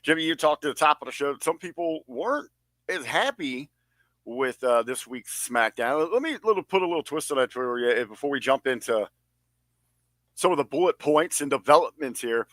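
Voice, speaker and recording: A man with a bright, forceful voice co-hosts a laid-back wrestling podcast. He leans into grand, mock-patriotic riffs and stretches out his big lines. The sound is close and dry, with no room around it. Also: on the high side, animated, dry recording. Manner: hypes up mock-patriotic bits with drawn-out emphasis. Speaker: podcast co-host. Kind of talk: casual wrestling podcast chat.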